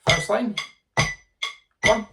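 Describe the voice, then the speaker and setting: A man's voice: very slow, over loud music. A man teaching snare drumming, counting aloud and vocalizing the rhythms. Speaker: drum tutor. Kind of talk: instructional lesson. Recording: loud background noise. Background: snare drum playing.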